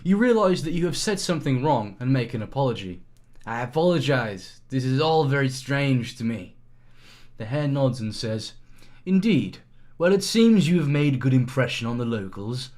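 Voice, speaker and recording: A man's voice: medium pitch, very animated, normal speed, darkish tone. A man reading an interactive story aloud on a live stream, acting out the lines and breaking into laughter.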